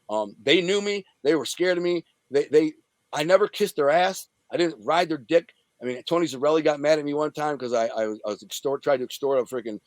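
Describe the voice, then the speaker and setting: A middle-aged man from the Detroit area, an interview guest telling a story in a rambling, profane, animated way. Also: medium pitch, no echo. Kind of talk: casual storytelling.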